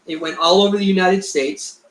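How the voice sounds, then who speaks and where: A man's voice: high voice, fairly even intonation, a little fast, a bit bright. A middle-aged man, a researcher being interviewed, who tells a rambling story and acts out the dialogue he quotes. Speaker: Bigfoot researcher, guest. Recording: echoey room.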